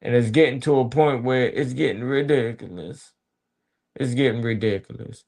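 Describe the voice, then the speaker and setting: Male podcast host, blunt and profane, preachy street-talk monologue, mid-pitched voice. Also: moderate pace, gravelly, darkish tone. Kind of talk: casual motivational monologue.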